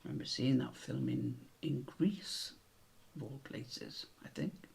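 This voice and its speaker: A man with a British accent hosting a quiz, reading each question slowly and repeating it, with chatty asides in between. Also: mid-range voice, vocal fry, darkish tone, slightly rough. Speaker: quiz host.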